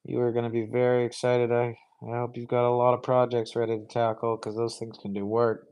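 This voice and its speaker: A man's voice: medium pitch, monotone, brisk, darkish tone, clear, resonant tone, poor audio. A young man hosting a live stream, answering viewer questions in an easygoing, rambling way full of fillers. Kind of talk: casual live Q&A chat.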